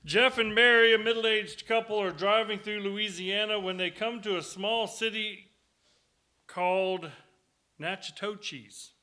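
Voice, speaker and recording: Bright-voiced man preaching a folksy sermon. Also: high-pitched, fairly even intonation, unhurried. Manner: folksy, joking storyteller. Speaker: guest preacher. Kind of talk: sermon with storytelling. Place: church sanctuary.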